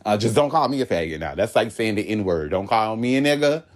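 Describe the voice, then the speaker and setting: A young man from Florida spins a rambling story in casual conversation. His usual voice sits fairly low, but he breaks into loud, high-pitched bursts and laughs between lines. He talks in easy, slang-heavy speech. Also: lively intonation, fairly quick. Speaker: podcast guest telling a story.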